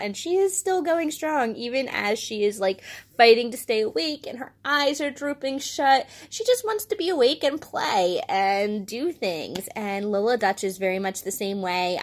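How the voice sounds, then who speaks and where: Enthusiastic woman reviewing a picture book. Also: medium pitch. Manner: enthusiastic, expressive, with fillers.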